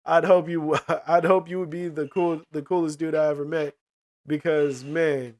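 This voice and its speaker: A man talking loosely to his stream chat, full of slang and swearing, and he keeps asking if you know what he means. His voice sits a little higher than most men's. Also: flat delivery, normal speed. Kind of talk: casual chat.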